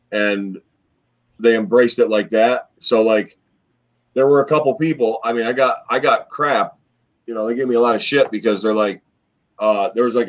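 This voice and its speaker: A man and former wrestler, co-hosting a podcast, telling long stories in a rambling, animated way with lots of fillers. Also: on the low side. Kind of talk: casual storytelling chat. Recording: dull lo-fi podcast audio.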